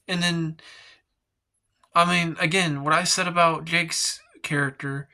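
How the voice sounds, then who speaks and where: Slow, rambling man with a sharp, bright voice. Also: fairly high pitch. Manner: rambling, heavy filler words, frequent swearing; exasperated, ranting. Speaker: movie reviewer. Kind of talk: casual spoken film review.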